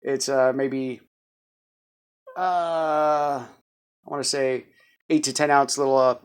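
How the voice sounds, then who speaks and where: A man's voice: medium pitch, steady tone, slow, smooth. A man in his thirties giving a rambling, stammering vlog update in a jumpy voice. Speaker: vlogger.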